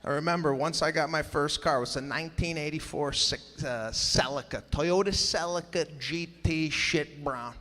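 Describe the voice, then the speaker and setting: A man performing a stand-up routine on a theater stage, telling family stories and bursting into loud shouts as he acts out relatives. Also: on the high side, moderate pace, hardly any pauses. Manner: animated, acting out family members in loud bursts. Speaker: stand-up comedian. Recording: live show in a large reverberant venue with crowd noise.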